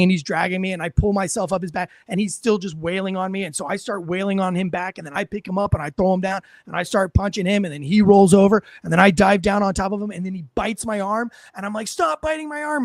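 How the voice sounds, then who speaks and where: A man with a high voice tells a story as a former police officer, animated and swearing freely while he acts out each exchange. He sounds close and dry, with no room sound. It is casual talk-show chat. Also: no room sound. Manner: animated, profane, acts out what people said.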